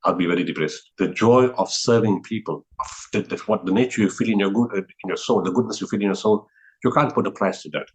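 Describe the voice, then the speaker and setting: A man with a somewhat low voice speaks as an interview guest. He talks earnestly and steadily, often restarting phrases and repeating words as he recounts a teaching. His delivery stays sincere throughout. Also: rough recording. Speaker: guest, humanitarian relief founder.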